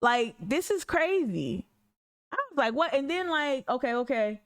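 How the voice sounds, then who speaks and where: A woman's voice: high-pitched, big pitch swings, unhurried. A woman hosting an activist podcast, reading articles aloud and breaking off into profane, fired-up rants. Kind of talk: casual livestream commentary.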